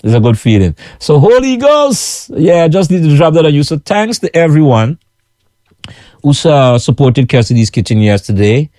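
An expressive, warm, medium-pitched male voice at a moderate pace, recorded cleanly in a studio with no echo. The speaker, a man from Guyana with a Guyanese accent, runs a kitchen business selling food and chats with followers in a repetitive way, regularly asking "you know what I'm saying".

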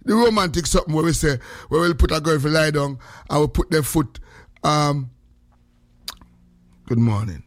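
A Jamaican man hosting morning radio, talking in a teasing patois-heavy way with a slightly high voice. The studio sound is very dry and close. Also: moderate pace, long pauses, no room sound. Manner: joking, heavy patois, frequent greetings. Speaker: radio host. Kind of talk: casual morning radio chat.

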